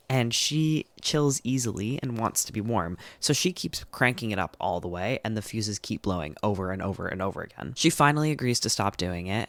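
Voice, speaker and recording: A man's voice: lowish voice, no room sound. A man giving a chatty, candid book summary, full of "like" and the odd swear word. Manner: chatty, filler-heavy retelling with frequent "like". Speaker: book reviewer. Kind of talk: casual book summary monologue.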